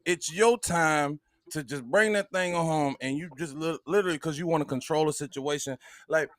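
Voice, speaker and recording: A man's voice: fairly high pitch, normal speed, a bit bright, no room sound, clean studio sound. A man hosting a casual podcast, talking animatedly and repeating words as he builds his point. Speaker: podcast host.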